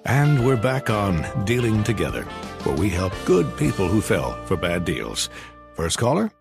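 A showy radio deal-show host, played by a man in a comedic ad skit, deep and gravelly, swooping widely through his lines. He delivers each quip like an announcer. A music bed plays underneath. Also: huge pitch swings, a little slow, exaggerated voice. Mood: mock sympathy.

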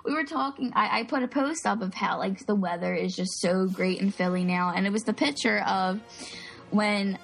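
A woman's voice: mid-range voice, moderate pace, creaky, faint music behind. A woman chatting casually as a podcast co-host, talking in a filler-heavy, giggly way. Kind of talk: casual chat.

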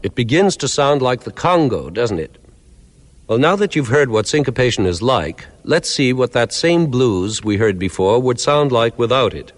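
A man giving a clear, measured lecture that explains musical ideas step by step, sometimes counting out beats. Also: mid-range voice, big pitch swings, long reverb tail.

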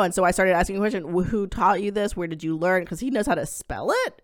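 A woman co-hosting a podcast, telling a family story in casual chat, her voice jumping high in surprise. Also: quick pace, hardly any pauses. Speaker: podcast co-host.

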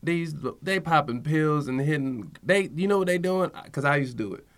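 A man's voice: on the high side, lively intonation, moderate pace. A young man, a comedian guest who jokes and teases through a casual chat. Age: young adult. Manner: joking, teasing banter.

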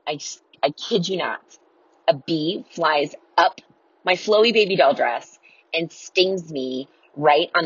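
A woman with a low, husky voice rambles through a self-deprecating story with giggly asides. The sound is dull and lo-fi, with a dry, close feel. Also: no echo. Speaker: podcast guest. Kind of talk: casual storytelling. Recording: dull lo-fi recording.

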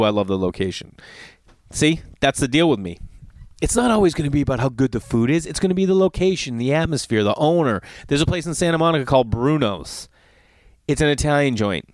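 On a dry studio-quality recording, a middle-aged man from the LA area uses his mid-range voice to tell a long story with exasperation, swearing often and animatedly playing out both sides of the conversation in a casual monologue.

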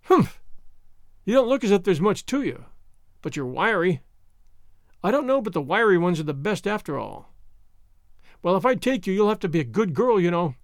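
A man's voice: sits high, sing-song, fairly quick, long pauses, no echo, clean studio sound. A man voicing a stingy, ill-tempered farm wife who speaks curtly and makes demands, in a storybook reading. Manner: curt and demanding.

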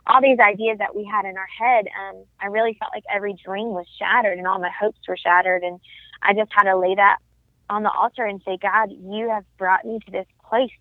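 A woman's voice: mid-range voice, no room sound. A young woman shares a heartfelt personal testimony as an interview guest. Her voice comes through a thin, phone-like line with no room sound at all. She speaks earnestly and steadily. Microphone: phone call. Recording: tinny phone line, dry.

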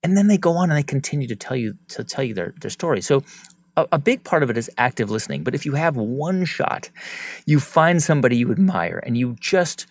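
A man speaking as an interview guest, his voice rising and falling in a lively, animated way. He tells stories expressively and easily, recorded close and dry with no room sound. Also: mid-range voice, brisk, no room sound. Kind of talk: conversational interview answers.

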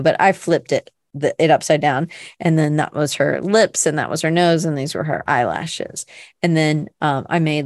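A woman's voice: sits low, darkish tone, dry recording, studio quality. A middle-aged woman from Canada hosting a casual online art class, chatty and rambling, full of fillers and restarts. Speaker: art workshop host.

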